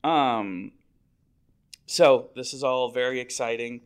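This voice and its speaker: A man's voice: medium pitch, takes it slowly, clear, resonant tone. Rambling, self-deprecating man on a podcast. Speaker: website editor. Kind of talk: casual chat.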